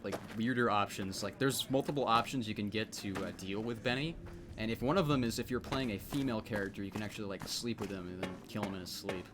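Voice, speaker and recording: A man giving joking, rambling commentary while he streams a video game live. His voice sits fairly low, and a noisy background runs behind him. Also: fast talker. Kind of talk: casual live-stream chat.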